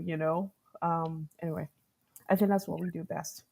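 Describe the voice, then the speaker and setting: A woman's voice: on the low side, moderate pace, gravelly. A woman who directs product management, giving an interview and telling workplace stories, acting out what people said and often tagging her points with a questioning "right". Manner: animated storyteller, acts out quoted dialogue, frequent "right?" tags and laughs. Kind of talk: conversational interview storytelling.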